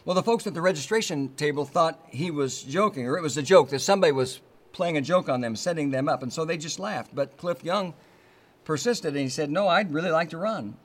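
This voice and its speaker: A man preaching a sermon from the United States, earnest and measured, stressing key words and repeating phrases for emphasis. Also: fairly high pitch. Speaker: pastor.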